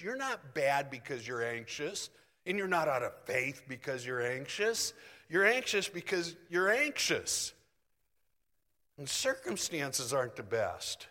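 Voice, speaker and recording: Middle aged guy preaching, chatty and animated, bright forceful voice, long echo like a big hall. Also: fairly high pitch, a little slow. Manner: conversational, animated, self-deprecating. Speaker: pastor. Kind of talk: sermon.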